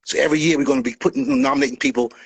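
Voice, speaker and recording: A man, a guest in a casual conversation, telling lively stories and acting out the people he quotes. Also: mid-range voice, racing, breathy edge, rough recording. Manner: animated storyteller, acts out quoted voices. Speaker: guest, early hip hop dancer.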